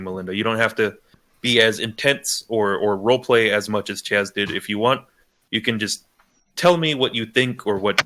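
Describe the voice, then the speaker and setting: A man narrating as game master in a tabletop role-playing game, halting with many restarts. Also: lowish voice, bright, forceful tone.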